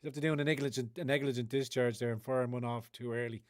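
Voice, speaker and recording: A man's voice: mid-range voice, steady tone, quick pace, no room sound. Sarcastic, profane Irish man ranting. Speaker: livestream host. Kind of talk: ranting livestream commentary.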